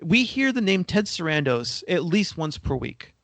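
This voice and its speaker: Man, podcast co-host, slightly higher voice, rambling delivery with restarts and a cough, dry recording. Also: sing-song, moderate pace, fairly bright tone, no room sound. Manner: rambling, repeats words when starting sentences. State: coughing now and then. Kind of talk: casual podcast discussion.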